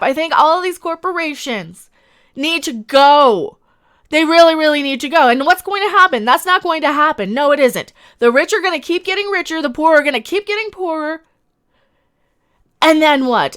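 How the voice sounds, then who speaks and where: Female streamer, high, sharp voice, angry indignant commentary, repeats lines, swears. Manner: swears while ranting. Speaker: streamer host. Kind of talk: live-stream commentary rant.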